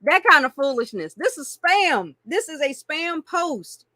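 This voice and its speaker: A woman teaches marketing with lively, playful energy and frequent laughter. Her voice sits a little high and rings bright and forceful. The sound is dry and close. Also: a little slow, dry recording. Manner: animated, playful, laughs often, calls listeners y'all. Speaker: network marketing coach. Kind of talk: teaching a marketing lesson with acted-out examples.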